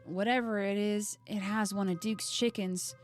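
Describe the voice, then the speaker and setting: Woman voicing an excitable young woman monster hunter, chatty and breathless, game character. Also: medium pitch, normal speed, soft background music, lightly acted. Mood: excited.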